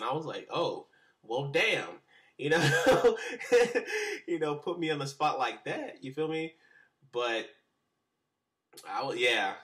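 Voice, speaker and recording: A young man recounts a story to an interviewer over a webcam, his voice bright and forward. He rambles in casual slang, stacking fillers and false starts. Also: medium pitch.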